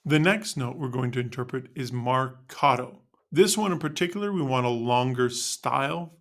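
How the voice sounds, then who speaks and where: A man's voice: mid-range voice, moderate pace, a bit bright. A man teaching band students how to end notes, narrating a scripted lesson in an upbeat, explanatory way.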